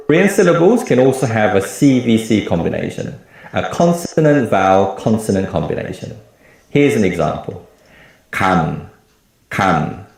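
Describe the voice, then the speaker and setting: A man teaching a recorded lecture, explaining clearly and repeating example words slowly. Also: lowish voice, darkish tone, very echoey. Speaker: language teacher.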